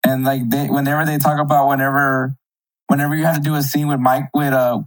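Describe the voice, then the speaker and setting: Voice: medium pitch, little pitch movement, fast, soft background music, rough recording. A podcast co-host chatting casually, laughing along now and then. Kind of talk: casual chat.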